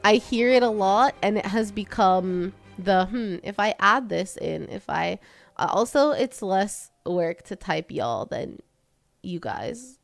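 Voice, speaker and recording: A woman's voice: medium pitch, lively intonation, slow pace, creaky, no room sound, faint music behind. A young woman streamer with a slight Texan twang, chatting casually with her viewers while she works, self-deprecating and laughing often.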